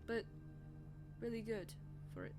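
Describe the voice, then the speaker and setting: A woman's voice: a little high, wildly swooping pitch, unhurried, over music. A young woman streaming live, chatting casually in a rambling, self-deprecating way.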